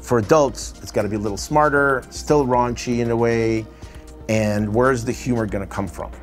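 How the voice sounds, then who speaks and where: This animation director, a middle-aged Russian-accented man, chats casually in an interview with a mid-range, steady voice at a moderate pace, faint music playing behind him. His talk wanders and is full of filler, with frequent "you know" and "right?".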